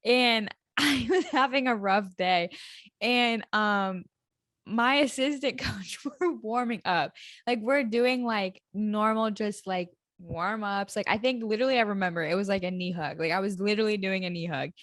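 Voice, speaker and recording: A young woman co-hosting a podcast, telling stories in a giggly, animated way. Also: mid-range voice, moderate pace, no room sound, studio quality. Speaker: podcast co-host. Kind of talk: casual chat.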